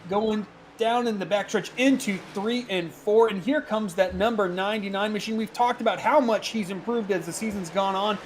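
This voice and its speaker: Guy calling a sim race, kinda high voice, fast and chatty, little bit of noise under it. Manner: quick, chatty, laughs easily. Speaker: sim racing commentator. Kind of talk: play-by-play commentary.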